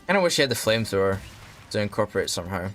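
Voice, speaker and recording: A man's voice: fairly low pitch, sing-song, rapid-fire, fairly bright tone. A young man casually commentating on a game he plays, ranting and swearing often. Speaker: streamer. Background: faint background music.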